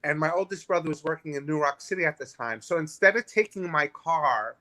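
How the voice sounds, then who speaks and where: A man in his thirties, a guest in a restaurant, telling a personal story in an animated, candid way and acting out other people's voices. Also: on the high side, brisk. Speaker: guest author.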